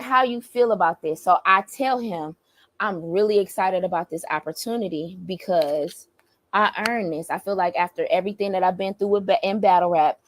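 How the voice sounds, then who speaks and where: A young woman, a battle rapper, telling a story in an animated, profane, emphatic rant. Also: medium pitch, no echo.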